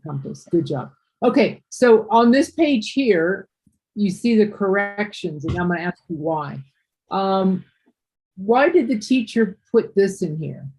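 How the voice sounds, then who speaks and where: A woman's voice: medium pitch, expressive, unhurried, a little mellow, slightly rough, low-quality recording. A woman teaching English one-on-one, patiently correcting and explaining.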